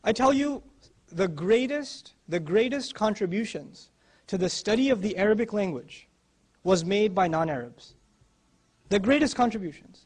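A man's voice: sits high, expressive, normal speed. A man giving a religious talk, emphatic and repeating his key phrases for weight. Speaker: Islamic speaker.

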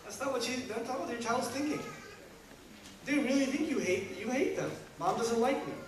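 A man preaching to a congregation in an animated way, acting out quotes and laughing. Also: extremely high pitch, moderate pace. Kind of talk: sermon to a congregation. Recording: echoey hall, distant mic, background hum.

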